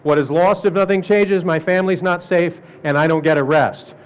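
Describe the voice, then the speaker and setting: A middle-aged man giving a lively, joking presentation to artists, acting out quoted people as he goes. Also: high voice, moderate pace, clean tone. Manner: animated, jokey, acts out quoted people. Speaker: speaker at an art fair talk. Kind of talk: lecture presentation.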